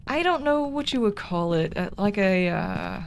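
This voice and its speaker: While streaming a game, a Southern American woman chats casually and wanders off on tangents. Her medium-pitched voice is gravelly and animated, her pace measured, with slight background noise.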